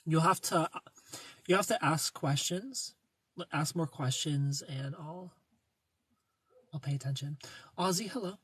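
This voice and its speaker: A man's voice: a little high, measured pace, long pauses, fairly bright tone, breathy edge. A young man hosting a casual livestream, reading viewer comments and joking playfully, greeting people by name. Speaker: livestream host reading chat.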